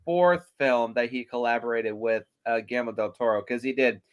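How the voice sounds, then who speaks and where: A man co-hosting a casual movie review podcast, walking through his points in a measured way. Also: mid-range voice, clear, resonant tone. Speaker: podcast co-host.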